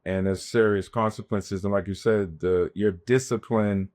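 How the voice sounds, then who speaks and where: A man hosting a podcast, asking reflective questions in a measured, supportive way and drawing on faith sayings. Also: fairly low pitch, steady tone, darkish tone. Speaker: podcast host. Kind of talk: interview questions with faith references.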